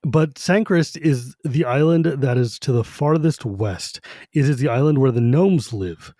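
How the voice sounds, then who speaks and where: A man's voice: medium pitch, unhurried, dark tone, no room sound, studio quality. A man co-hosting a podcast in casual fan discussion, enthusiastic and rambling, swearing now and then. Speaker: podcast co-host.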